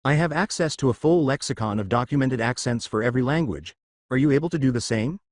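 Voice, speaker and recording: A man voicing a deadpan teenage boy with a machine body who talks like a device. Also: mid-range voice, fast talker, no echo, clean studio sound, natural voice. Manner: flat, matter-of-fact.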